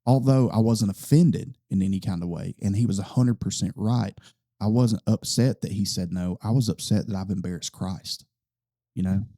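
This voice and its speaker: Male podcast host, casual and long-winded; deep mellow tone, dry room. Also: normal speed, no echo. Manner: long-winded storytelling, frequent fillers. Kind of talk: casual conversation.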